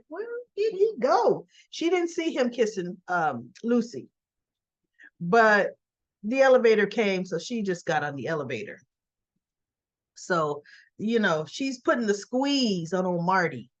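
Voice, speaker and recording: A woman's voice: medium pitch, muffled recording. A woman casually retelling a soap opera episode, quoting the characters as she goes along. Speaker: soap opera recap vlogger.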